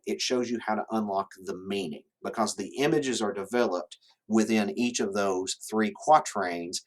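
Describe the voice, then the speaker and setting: Lower-voiced man lecturing a class. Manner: explanatory, checks in with "right?". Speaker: teacher. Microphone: camera in classroom.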